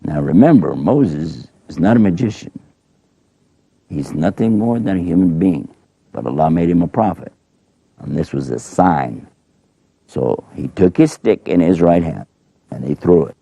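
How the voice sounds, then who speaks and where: Gravelly low-voiced man telling kids' stories. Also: unhurried, pauses often, no echo, dull audio. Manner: animated, folksy, playful. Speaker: storyteller. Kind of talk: storytelling for children.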